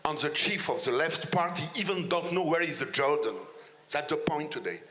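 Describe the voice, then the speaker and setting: Male panelist, strong French accent, non-native English, impassioned and halting, slightly high pitch. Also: lively intonation, a bit bright. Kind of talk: conference panel speech.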